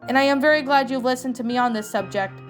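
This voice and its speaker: A bossy, motherly eldest teen sister from a cartoon storybook, put on by a woman with a higher voice. her talk is firm and protective, a little brighter than the narration. faint music sits underneath. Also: fast, lightly acted. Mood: stern. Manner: stern, motherly. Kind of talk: storybook reading.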